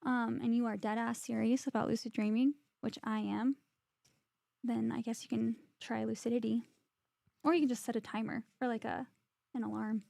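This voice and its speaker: A woman co-hosts a relaxed podcast, chatting and laughing as she reads out viewer comments. Her voice is mellow and gravelly with plenty of vocal fry. The recording is dry and close. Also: a little high, normal speed, no echo. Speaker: podcast co-host. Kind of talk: casual chat.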